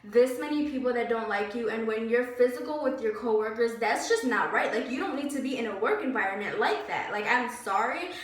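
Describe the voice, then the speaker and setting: A young woman vlogger telling a story about a bad job in a casual, animated and indignant way, with lots of "like". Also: fairly high pitch, a little fast, hardly any pauses. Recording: very echoey room, slightly distant mic.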